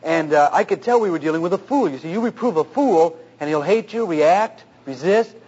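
A man's voice: fairly high pitch, a little fast, breathy edge. A man who is a pastor, preaching earnestly through a personal story about marriage, in a dull lo-fi recording. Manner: earnest, anecdotal, animated retelling.

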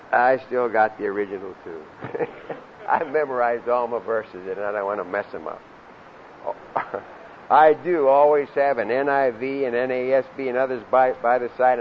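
An older man preaching a sermon, swinging between loud emphatic lines and low asides, and leading the congregation in reciting scripture. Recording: dull lo-fi sound with faint hiss.

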